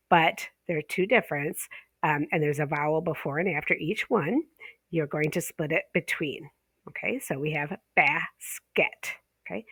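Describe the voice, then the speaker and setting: Here an ESL teacher trainer leads an online pronunciation class, building her explanation in steps and checking in with frequent "okay?"s. Her voice is low, a bit bright, with a breathy edge; she lengthens example words slowly, and there's no echo.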